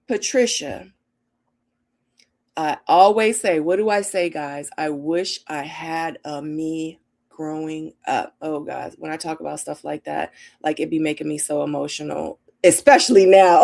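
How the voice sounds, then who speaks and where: Animated middle-aged woman hosting a live chat. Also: sits low, moderate pace, vocal fry. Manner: animated and emotional, acts out her own quotes with laughter. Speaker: livestream host. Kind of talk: casual live Q&A chat reading comments.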